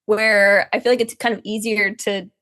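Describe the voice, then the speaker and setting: A woman co-hosting an interview in a relaxed, casual way, with many fillers. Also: mid-range voice, moderate pace. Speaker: podcast co-host.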